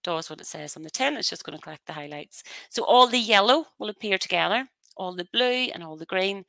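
A woman giving a webinar software demonstration as a trainer, talking on a headset mic in a chatty, explanatory way with practical asides. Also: medium pitch, lively intonation, brisk, gravelly, no room sound.

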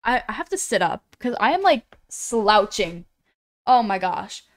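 A woman's voice: medium pitch, big pitch swings, unhurried. A woman streaming live, chatting casually as she reads viewers' messages aloud, often stumbling over names and apologizing.

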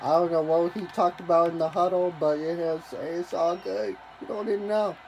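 Hyped man shouting over gameplay. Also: high-pitched, fairly even intonation, fairly quick, creaky, highs cut off, faint music behind. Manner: chants and hypes, bursts into shouting and laughter. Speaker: gaming commentator. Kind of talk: excited gameplay commentary.

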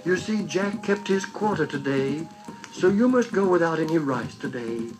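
A man voicing a grave male missionary in a children's story, slow and regretful. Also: a little high, animated, music in the background, natural voice.

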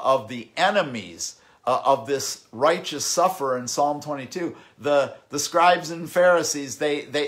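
This sermon comes from a male pastor with a mid-range voice. Scripture is read with slow deliberation, words get repeated while he thinks, and his volume swings from forceful outbursts to calmer passages.

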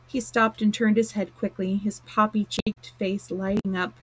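A woman reading a classic novel aloud on a live stream, plain and steady with small slips and restarts. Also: medium pitch, normal speed, gravelly, hardly any pauses, breathy edge, no echo, rough recording. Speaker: storyteller. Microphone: close mic, live stream.

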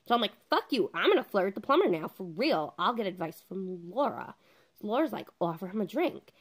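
A woman's voice: mid-range voice, big pitch swings, brisk. A woman in her thirties casually telling a funny story at home, chatty, swearing freely and acting out what everyone said. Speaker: vlogger.

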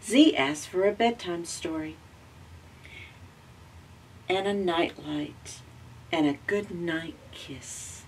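A woman with a Southern American accent reading a children's picture book aloud, gently and slowly, lifting her voice for the characters. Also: lowish voice, recorded from a distance, slight background noise. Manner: gentle, slow storytelling with raised voices for characters.

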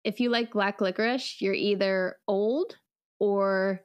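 A woman's voice: mid-range voice, steady tone, slow pace, clean tone, dry recording, highs cut off. A young woman co-hosting a podcast, chatting casually and laughing often. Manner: giggly, chatty. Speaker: podcast co-host. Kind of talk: casual chat.

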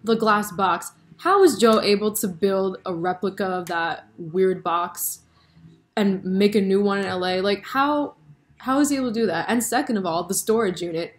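A woman in her twenties chatting casually on her vlog, animated and full of fillers. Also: medium pitch, normal speed. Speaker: vlogger. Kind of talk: casual chat about a TV show.

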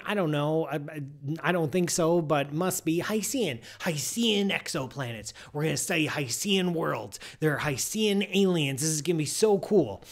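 A man's voice: fairly high pitch, normal speed. A man hosting a live science radio show, talking with playful mock outrage. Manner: animated, playful mock outrage, swinging from loud bursts to muttering.

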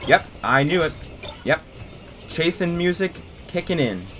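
A man's voice: on the high side, unhurried, a little hiss or hum. Jumpy young gamer man. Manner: jumpy, excitable, talks to viewers. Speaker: gaming YouTuber. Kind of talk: casual let's-play commentary.

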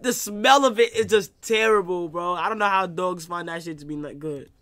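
A young man reacting to a video on a live stream, loud and excitable, laughing and shouting. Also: high voice, moderate pace.

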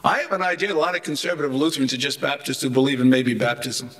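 A man's voice: mid-range voice, steady tone, fast talker, a bit bright. An older man giving a humorous, anecdotal theology lecture, chatty and rambling, with wry joking asides.

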